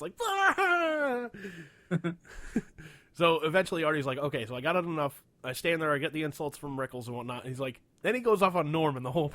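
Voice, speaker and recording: A man's voice: mid-range voice, fairly bright tone, no room sound. A man co-hosting a podcast, telling long rambling stories in casual chat, swearing freely and filling gaps with "like" and "whatnot". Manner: rambling storyteller, swears a lot, many fillers. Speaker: podcast co-host.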